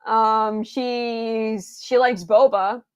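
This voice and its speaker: A woman's voice: fairly high pitch, fairly even intonation, very slow, clean tone, no room sound. A woman streamer chatting casually, rambling with many fillers and restarts, stumbling over her words and answering viewers' chat.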